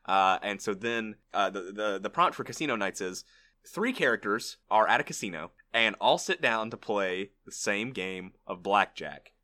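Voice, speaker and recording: A man's voice: fairly low pitch, animated, normal speed, bright, forceful tone. A man hosting a casual podcast chat, setting up prompts and steering the talk. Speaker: podcast host running segments.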